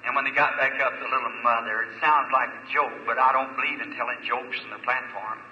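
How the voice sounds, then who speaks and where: A man's voice: medium pitch, steady tone, fairly quick, dull audio, slight background noise. A man preaching a sermon, telling a story and retelling conversations line by line, with frequent "I said" and "See?". He speaks live in a large meeting hall. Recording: echoey old live hall recording.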